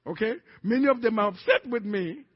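Husky high-voiced preacher with Nigerian accent. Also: male voice, a little fast, long reverb tail. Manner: animated preaching, acting out quoted dialogue. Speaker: pastor. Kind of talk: sermon. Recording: dull lo-fi sermon recording.

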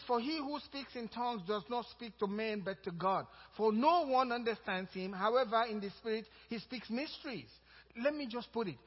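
A male pastor preaching a sermon, lively and chuckling between points, slowing to stress scripture quotes. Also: very high voice, husky. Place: church sanctuary. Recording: reverberant hall, dull lo-fi sound.

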